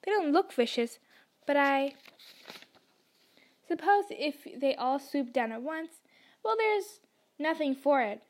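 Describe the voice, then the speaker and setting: A woman's voice: high voice, lively intonation, takes it slowly, pauses often. A woman reading the lines of a brave, decisive boy wizard, speaking urgently and in command. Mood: steady.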